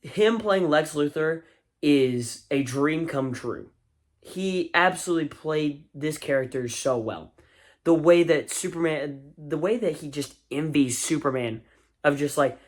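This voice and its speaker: A man's voice: a little high, moderate pace. A man giving a casual spoken movie review, enthusiastic and rambling, with fillers and restarts.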